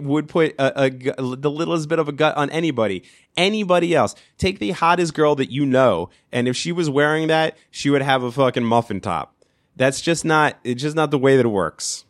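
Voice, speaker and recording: A New York man hosting a podcast launches into a crude solo rant, swearing constantly and restarting as he rambles. His mid-range voice is recorded with clean studio sound and no room sound.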